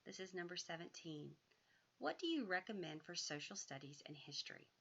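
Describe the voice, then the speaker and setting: A woman, an author and educator, giving homeschool advice in a measured, thoughtful way, sometimes drawing phrases out. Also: fairly low pitch, very animated, fairly bright tone, breathy edge, dull audio.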